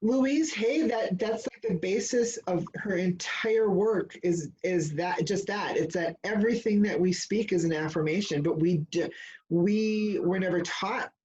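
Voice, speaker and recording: A woman in casual spiritual chat, leading the discussion and telling stories in a rambling, animated way, full of fillers and restarts. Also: medium pitch, unhurried, a little hiss or hum, low-quality recording. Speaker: discussion leader.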